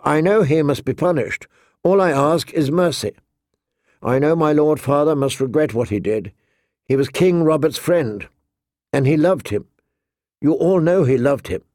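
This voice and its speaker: A naive noble girl pleads with soft earnestness, her voice lifted higher than the storyteller's own as a man reads her part. The reading is slow, unhurried and close, with no room sound at all. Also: dry recording.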